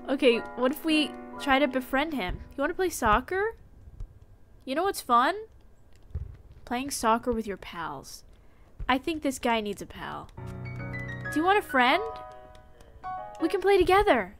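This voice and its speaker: A woman's voice: high voice, very animated, unhurried, pauses often, faint music behind. A woman streamer giving casual gameplay commentary, playful and mock-indignant as she talks to the game's characters in character.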